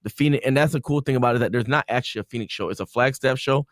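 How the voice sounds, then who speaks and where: A man's voice: mid-range voice, rapid-fire, no echo. A man, a guest DJ, chatting casually in a studio with a laid-back storytelling manner. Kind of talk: casual chat. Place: radio studio.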